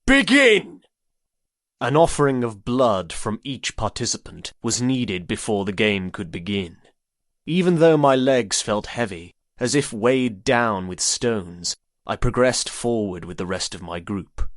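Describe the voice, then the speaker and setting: A man reading a first-person story as an audiobook narrator, in a measured, even way. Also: fairly low pitch, no room sound, studio quality.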